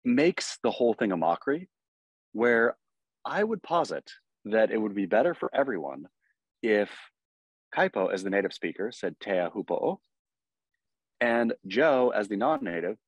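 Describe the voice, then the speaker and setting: An American man co-hosting a podcast in casual chat, animated and quick to act out mock dialogue. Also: lowish voice, husky, no echo. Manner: animated, acts out mock dialogue, laughs often. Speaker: podcast co-host.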